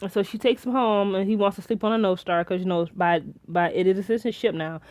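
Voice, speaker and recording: A chatty young woman reviews a TV episode, recapping and theorizing casually. She talks fast in a mid-range voice with no echo, rambling excitedly with lots of restarts and fillers.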